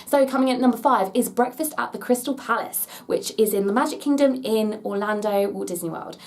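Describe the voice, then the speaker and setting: A woman's voice: medium pitch, fairly quick, hardly any pauses, a little mellow. A young English woman vlogger answering Q&A questions in a chatty, gushing way, often thinking aloud. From England. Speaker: theme park vlogger. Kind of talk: casual Q&A vlog.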